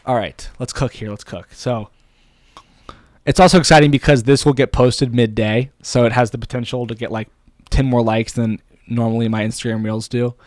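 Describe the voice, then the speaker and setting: A man's voice: medium pitch, fairly even intonation, normal speed, darkish tone, no echo. Young man, casual vlog chatter, rambling and playful, dry close sound. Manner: rambling, thinking aloud, playful. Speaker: vlogger. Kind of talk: casual talking to camera.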